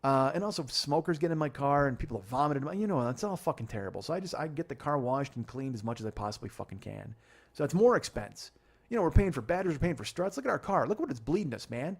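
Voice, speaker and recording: A man hosting a comedy podcast tells a story through a profane, exasperated rant, rambling fast. His medium-pitched voice is expressive and husky, with vocal fry.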